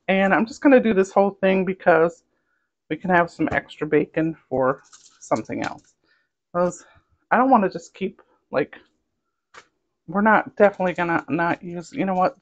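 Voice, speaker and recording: Woman, light Southern accent, cooking vlogger, casual rambling chat, lowish voice, muffled lo-fi sound. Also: moderate pace. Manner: chatty, rambling, savoring food aloud.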